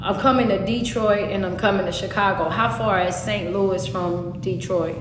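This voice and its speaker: A woman, a motivational speaker chatting live with her audience in an animated, direct way. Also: medium pitch, moderate pace, background noise. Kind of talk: live stream chat with viewers. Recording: echoey room with long reverb.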